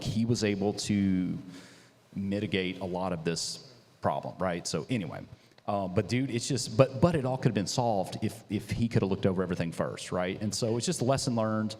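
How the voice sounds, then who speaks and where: Casting: lower-pitched male founder, excitable storyteller, long room reverb. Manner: animated, lots of "dude" and "like". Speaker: business founder. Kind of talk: casual storytelling.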